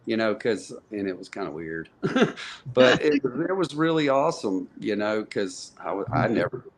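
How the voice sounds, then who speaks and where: A man's voice: fairly low pitch, big pitch swings, moderate pace. A man guest on a podcast, telling stories casually, rambling with lots of restarts and fillers. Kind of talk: casual storytelling in conversation.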